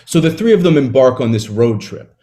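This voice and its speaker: A man in an interview, talking casually about a book he wrote, retelling its scenes with quick asides. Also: mid-range voice, sing-song, warm tone. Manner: conversational, retells scenes with quick acted quotes and laughs. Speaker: author discussing his novel.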